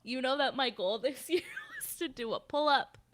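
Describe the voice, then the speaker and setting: A woman's voice: high voice, normal speed, slight background noise. A woman co-hosting a podcast, chatting casually and telling stories with animation. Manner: animated storyteller, reads headlines aloud. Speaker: podcast co-host. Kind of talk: casual chat.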